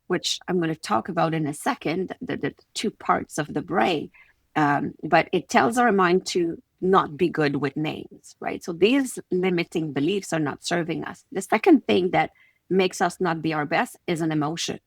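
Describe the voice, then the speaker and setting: A woman from Quebec City with a Quebec French accent, a native French speaker, speaking as a podcast guest and confidence coach, lively, acting out little scenes. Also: fairly low pitch, moderate pace, creaky, breathy edge, no echo, clean studio sound. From Quebec City, Canada. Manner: animated, acts out little scenes in quoted voices. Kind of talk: conversational podcast interview.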